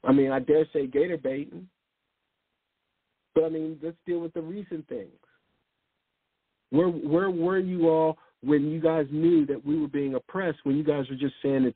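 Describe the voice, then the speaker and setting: A man delivers an impassioned sermon in a husky, slightly rough voice, pressing his points with rhetorical questions. His voice sounds dry and close, squeezed through a narrow, phone-like band. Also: a little high, expressive, unhurried, no echo. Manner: emphatic, fires rhetorical questions. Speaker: preacher.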